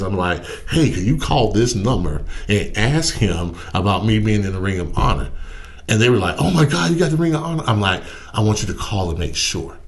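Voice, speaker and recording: A middle-aged man, a former pro football player, telling stories in a casual interview and acting out the other voices in them. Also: fairly low pitch. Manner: animated storyteller who acts out the other voices in his stories.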